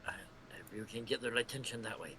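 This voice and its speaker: A man playing a tabletop game, eagerly planning his character's moves out loud. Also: medium pitch, quick pace, slight background noise. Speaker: player.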